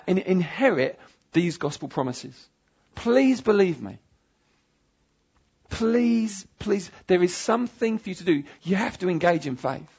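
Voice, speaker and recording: A male preacher delivers an emphatic, pleading sermon in a fairly high, husky and gravelly voice. He presses his points by repeating them. The recording sounds dull and lo-fi.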